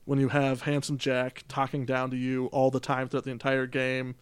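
A man's voice: mid-range voice, completely flat delivery, moderate pace, clean tone, dry recording. A man co-hosting a gaming podcast, chatting casually with wry, dry jokes. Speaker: podcast co-host. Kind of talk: casual chat about games.

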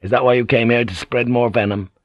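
A man's voice: mid-range voice, fairly even intonation, a little fast, no room sound, dull audio, close to an everyday voice. A man voicing a bold, impatient English ship's pilot who talks bluntly and urgently. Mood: forceful.

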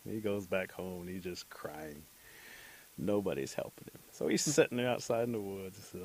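Gravelly-voiced male storyteller. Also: sits low, moderate pace, rough recording. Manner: animated, chatty telling with asides. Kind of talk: oral folk storytelling.

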